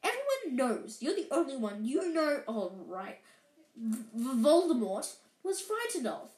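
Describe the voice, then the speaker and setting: A woman's voice: sits high, sing-song, a little slow, darkish tone. A woman voicing a severe, irritable older witch professor in a storybook reading. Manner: irritable, clipped. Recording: roomy echo.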